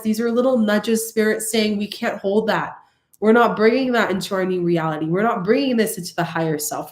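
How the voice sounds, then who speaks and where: A woman's voice: mid-range voice, darkish tone, reverberant. A woman spiritual coach talking earnestly and directly to her viewers, often repeating herself for emphasis. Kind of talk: casual spiritual talk to viewers.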